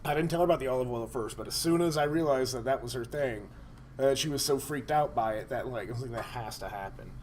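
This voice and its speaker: A man on a podcast telling a crude story in a rambling, animated way, laughing often. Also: mid-range voice, quick pace, slight background noise. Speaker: podcast co-host.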